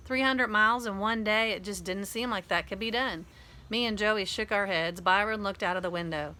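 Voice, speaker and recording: A woman reading a children's novel aloud, narrating in a boy's first person in a lively, conversational way. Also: medium pitch, fairly quick. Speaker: audiobook reader.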